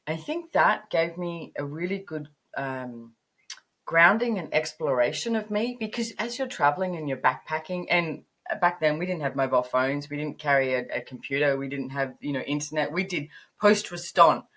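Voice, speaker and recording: A woman in her fifties speaks in a low register, telling stories in a lively, animated way. Her voice climbs sharply on emphatic words, then settles back into relaxed interview conversation. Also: normal speed. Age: 50s. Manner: animated storytelling, rising to emphatic peaks. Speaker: podcast guest, business author.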